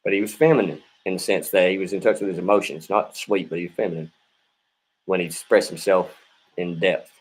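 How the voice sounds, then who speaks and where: A man with a very low voice tells a personal story at a quick clip. He rambles, doubles back and keeps checking in with his listener. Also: fairly even intonation, slightly rough, rough recording. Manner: casual and rambling, keeps adding "you know what I mean".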